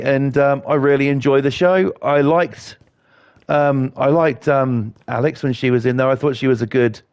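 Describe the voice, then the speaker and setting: A man's voice: medium pitch, a little mellow, no echo, clean studio sound. A man, ranting and swearing in a rambling way while he plays a video game. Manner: profane, rambling, indignant. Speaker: gaming YouTuber.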